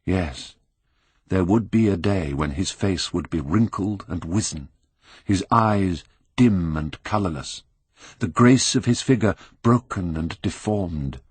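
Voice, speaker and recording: An older Englishman narrating an audiobook with measured, expressive storytelling. His voice sits low but moves widely in pitch, with a husky grain. The recording is close and dry. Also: no room sound. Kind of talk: scripted narration.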